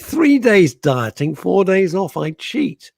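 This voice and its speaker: A man's voice: high-pitched, takes it slowly, vocal fry, no echo. A man co-hosting a radio show in casual chat, teasing his partner and telling stories with lots of laughter. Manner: teasing, laughs a lot, lively storytelling. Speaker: radio co-host. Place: radio studio.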